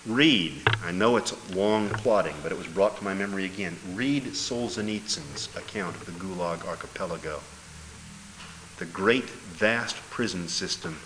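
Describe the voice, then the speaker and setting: A man preaching a sermon with emphatic delivery, dropping low and then bursting into loud exclamations. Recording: hall reverb with faint noise.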